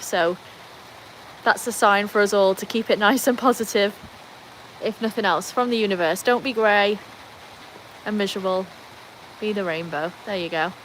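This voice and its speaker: A woman's voice: medium pitch, fairly bright tone, slight background noise, rough recording. A woman with a British accent hosting a casual livestream from a covered veranda in the rain. She chats with viewers, reads out their comments and coaxes her dogs along. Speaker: livestream host. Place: covered tin-roofed veranda during rain.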